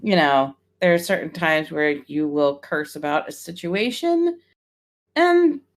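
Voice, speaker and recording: A woman's voice: low voice, lively intonation, a little slow. A woman co-hosting a podcast, talking frankly and easily in casual chat. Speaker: podcast co-host.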